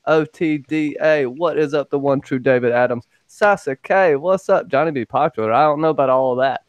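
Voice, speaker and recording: A man hosts a casual livestream chat, lively and joking as he shouts out viewers by name. His voice is dry and close, with no room around it. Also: a little high, normal speed, no room sound. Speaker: podcast host greeting chat.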